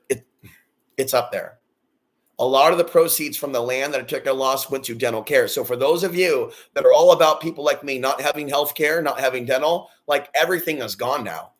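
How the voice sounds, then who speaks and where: A man in his forties on a personal vlog, ranting bitterly and swearing a lot. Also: medium pitch. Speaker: vlogger. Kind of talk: angry personal rant.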